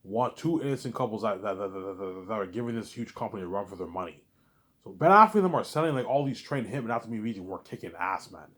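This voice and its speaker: Excitable man rambling with lots of restarts. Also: fairly low pitch, quick pace. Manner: excited, repeats words and restarts often; says "you know what I'm saying" a lot. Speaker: host of a listening series. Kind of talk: rambling casual monologue.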